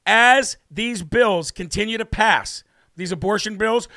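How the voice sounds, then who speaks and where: Radio host guy, gravelly bright voice, repeats himself for punch, worked up, dry mic. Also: sits high, a little slow, no echo. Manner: emphatic, repeats phrases, preacher-like cadence. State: emotionally worked up. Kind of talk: talk radio monologue.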